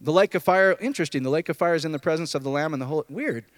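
Animated man preaching a casual sermon. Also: very fast, no room sound. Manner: animated, jumps between loud high outbursts and low murmurs; conversational, asks the room questions. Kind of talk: informal sermon to a group.

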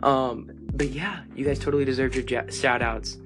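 A man's voice: mid-range voice, fairly even intonation, over music. A young man hosting a fan podcast in a casual, playful, joking way. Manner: playful, joking, quick asides.

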